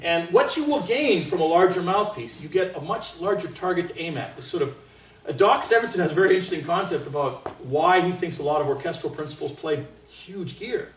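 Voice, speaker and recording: A man from Canada leading a trumpet master class in a casual, joking way, with boastful asides and sudden loud exclamations. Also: a little high, animated, a little fast, slight background noise. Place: large room with an audience. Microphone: distant microphone. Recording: roomy, distant sound.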